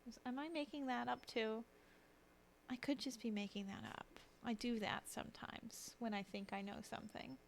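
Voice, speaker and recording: A woman's voice: a little high, steady tone, moderate pace, vocal fry, slight background noise. A young woman streaming late at night, sleepy and yawning, chatting in a rambling, self-deprecating way at her desk mic. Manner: chatty, self-deprecating, drifting train of thought. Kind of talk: casual rambling stream chat.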